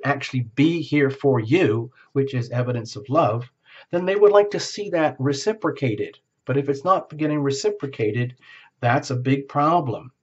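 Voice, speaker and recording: A man's voice: medium pitch, darkish tone, dull audio. A man giving a casual tarot reading who talks in a chatty way, laughs often and acts out bits of dialogue. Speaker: tarot reader. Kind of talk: solo tarot reading to camera.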